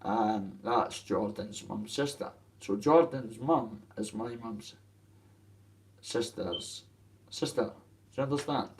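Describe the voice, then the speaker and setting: Low-voiced Scottish man, rambling and emotional. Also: slow pace, distant mic, rough recording. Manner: emotional, swears freely, rambling. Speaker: streamer addressing viewers. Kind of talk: rambling livestream chat.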